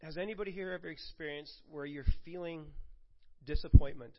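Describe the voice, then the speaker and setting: A middle-aged man preaching a sermon to his congregation, swinging from quiet asides to loud emphatic bursts and joking with the room. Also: a little high, brisk, highs cut off, heavy background noise. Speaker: pastor.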